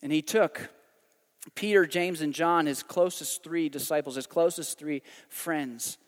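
A man preaching a sermon, animated and emphatic, swinging between loud climaxes and quiet, hushed drops. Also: a little high, measured pace, big-room sound. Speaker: pastor.

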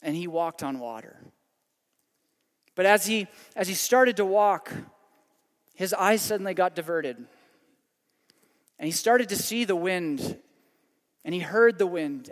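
A man, a pastor, telling a story dramatically in a sermon, with passages that swell and then fall to a hushed prayer. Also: high-pitched, long reverb tail.

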